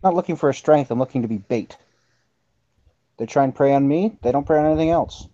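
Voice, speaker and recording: A man's voice: fairly high pitch, fairly quick, mellow, dry recording. Laid-back man on a dull mic. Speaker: player. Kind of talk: in-character role-play.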